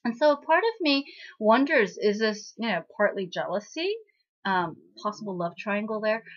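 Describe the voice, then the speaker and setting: On a slightly muffled lo-fi recording, a woman of medium pitch and moderate pace hosts a loose, talkative drama episode recap that's packed with fillers and side comments.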